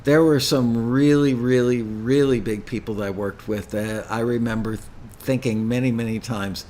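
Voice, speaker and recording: Older man, show host, rambling anecdotes, middle-pitched voice, faint hum behind. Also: fairly even intonation, normal speed, mellow. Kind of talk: live Q&A chat.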